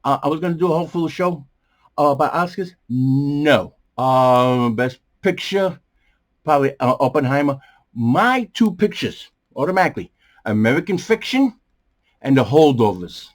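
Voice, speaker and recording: A man hosting a movie review show from a small bedroom studio, talking in a rambling, animated way with many fillers and a strained, coughing voice. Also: on the high side, normal speed. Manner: animated, jumps around, many fillers and restarts. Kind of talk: casual rambling commentary.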